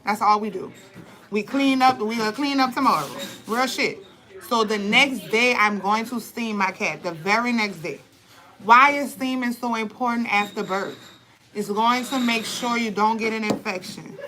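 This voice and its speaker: A young woman telling birth stories and giving advice in blunt, profane, animated casual talk. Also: on the high side, moderate pace, rough recording. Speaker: vlogger, birth advocate. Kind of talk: candid casual talk to camera.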